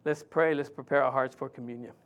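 A man's voice: mid-range voice, fairly even intonation, fast. A man, a pastor, preaching a sermon in church in a conversational way with frequent restarts.

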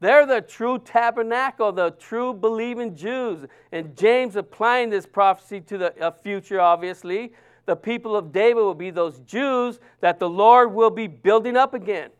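A man's voice: high voice, normal speed, clear, resonant tone. A man preaching a sermon, earnest and emphatic, often restarting his sentences.

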